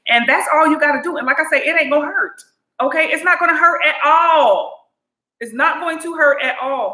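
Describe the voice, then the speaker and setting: A sassy, chatty woman talks straight to camera in a high, bright voice. She keeps calling viewers honey and you guys, and her voice rings around an echoey room. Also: normal speed. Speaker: beauty and lifestyle vlogger. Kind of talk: casual chat to camera.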